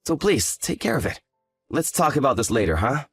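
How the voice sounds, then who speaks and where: A man's voice: mid-range voice, very animated, fairly quick, a bit bright, slightly rough, no echo, faint music behind, full character voice. A man playing a smug, hungover fiancé. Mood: dismissive. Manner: lazy, condescending, sarcastic. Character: arrogant hungover male fiancé, dismissive and smug. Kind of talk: scripted story drama.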